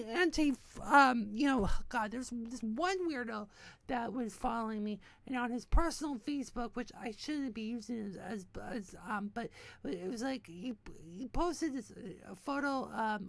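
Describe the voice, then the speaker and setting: A woman's voice: on the high side, lively intonation, measured pace, fairly bright tone, dry recording. A woman in her thirties, from New Hampshire, ranting bitterly in a rambling, profane monologue full of restarts. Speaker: online community founder.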